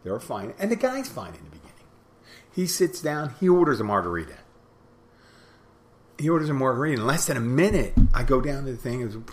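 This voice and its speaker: A man's voice: mid-range voice, sing-song, fairly quick, slight background noise. A man hosting a podcast, telling a bar story in a rambling casual way, repeating phrases and acting out both sides of the talk. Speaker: podcast host, bartender.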